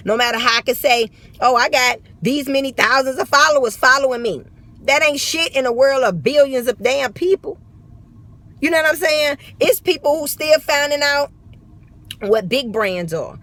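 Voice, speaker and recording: A woman's voice: on the high side, a bit bright. Blunt, profane St. Louis woman. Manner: blunt, profane, emphatic and repetitive. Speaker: vlogger. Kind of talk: motivational straight-talk vlog. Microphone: phone.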